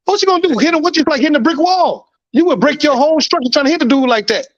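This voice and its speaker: Give me a man from Chicago who talks fast and swears a lot, repeating himself for emphasis. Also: very high-pitched, expressive. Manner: profane, emphatic storytelling with heavy repetition. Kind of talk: casual chat. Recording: muffled lo-fi recording.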